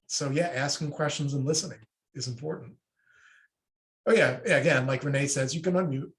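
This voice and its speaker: A man presenting an online workshop in a relaxed, conversational way, answering questions from the chat and acting out short sample dialogues. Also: mid-range voice, fairly quick. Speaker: webinar presenter. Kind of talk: casual online workshop talk.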